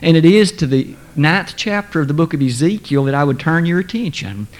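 A man preaching a sermon in a measured, formal and emphatic way. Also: a little high, animated.

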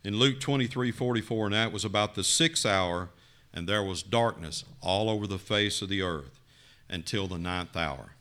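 A man preaching a sermon, telling a story with dramatic rises and quiet drops. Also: normal speed. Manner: dramatic, rising to loud emphasis then dropping low.

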